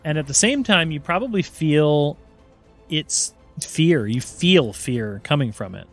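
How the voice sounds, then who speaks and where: Playful dad narrating a tabletop game. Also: male voice, fairly high pitch, animated, unhurried, faint music behind. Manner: playful, laughs easily while narrating. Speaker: game master.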